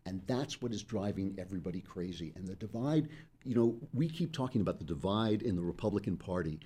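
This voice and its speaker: A man's voice: low-pitched, expressive, fairly quick, warm tone, slightly rough. A middle-aged man hosting political commentary, delivering an emphatic, sarcastic opinion monologue. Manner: emphatic, sarcastic, interrupts himself with asides.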